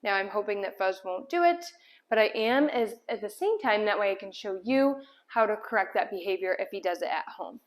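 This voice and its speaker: A woman's voice: medium pitch, expressive, a little fast. A woman dog trainer explaining a puppy's sit and down stays while giving him firm commands indoors. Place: indoor room at home.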